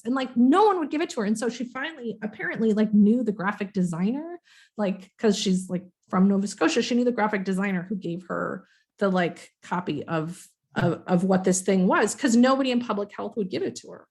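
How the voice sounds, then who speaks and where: A woman's voice: mid-range voice, brisk. A middle-aged woman speaks as a guest in a podcast interview. She talks openly and casually, swearing freely and filling her sentences with "like". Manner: candid, swears freely, lots of "like". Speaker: guest, sociology professor.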